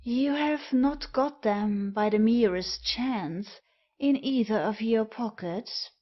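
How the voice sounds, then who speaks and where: A woman's voice: a little high, slow pace. A woman reading the part of a suave, mocking male cardsharp, sly and teasing. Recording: dull lo-fi recording.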